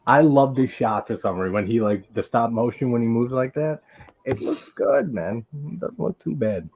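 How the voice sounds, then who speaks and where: A man's voice: mid-range voice, big pitch swings, normal speed, creaky, a little mellow, slightly rough. A man hosting a casual live movie-watch chat, rambling with lots of "like" fillers and frequent laughter. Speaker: host. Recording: dull lo-fi stream audio.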